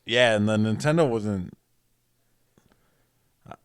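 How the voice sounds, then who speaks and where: A man's voice: fairly low pitch, slow pace, clean tone, no room sound, clean studio sound. A man in his forties, co-hosting a podcast in casual, profane chat and laughing often. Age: 40s. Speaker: podcast co-host.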